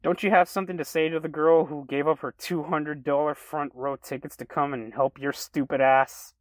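A man's voice: a little high, steady tone, normal speed, dry recording, pitched above the performer's own voice, natural voice. A man voicing a brash, mocking young man in a band, in a read-aloud story. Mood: teasing. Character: loud teasing young man bandmate.

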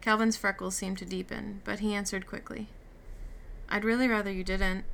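A woman's voice: medium pitch, flat delivery, moderate pace, vocal fry, a bit bright, slight background noise. A woman reading a novel aloud, giving the characters' lines light shifts. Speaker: reader. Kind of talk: audiobook reading with character dialogue.

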